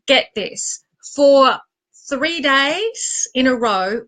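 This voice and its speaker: A woman's voice: a little high, drawn-out words, rough recording. An Australian woman in her late forties, a life coach talking candidly and animatedly to camera in a vlog, mocking herself as she goes. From Queensland, Australia. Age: 40s. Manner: animated, confiding, self-mocking.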